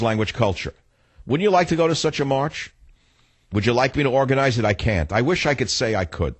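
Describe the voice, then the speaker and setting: A man's voice: mid-range voice, husky, dry recording. A male radio talk show host giving an indignant monologue full of repeated rhetorical questions.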